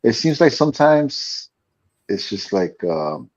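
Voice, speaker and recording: A man co-hosting a casual comics podcast, rambling and halting through his points. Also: mid-range voice, big pitch swings. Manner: rambling, halting, many fillers. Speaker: podcast co-host. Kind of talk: casual comics review chat. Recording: dull muffled lo-fi mic.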